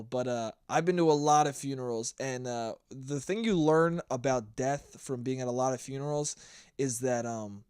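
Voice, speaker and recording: A young man hosts a solo podcast, telling stories as a blunt, profane rant. His medium-pitched voice is smooth, with no echo and studio quality.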